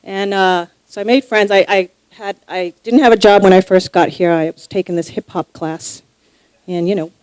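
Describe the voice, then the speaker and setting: A woman from New York doing a stand-up set. She talks haltingly, repeating herself and restarting her sentences. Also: medium pitch, steady tone, darkish tone, clean tone, no room sound, low-quality recording. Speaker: stand-up comic. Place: stage before a live audience.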